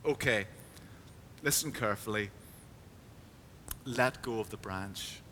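A man playing God, speaking softly and patiently with calm, measured reassurance. The voice stays bright in tone and carries a long hall reverb over a faint rumble.

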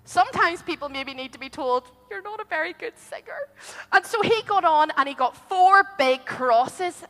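Bright, high-voiced woman telling children a story. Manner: animated, asks children questions. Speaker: children's storyteller at a church holiday club. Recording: long hall reverb.

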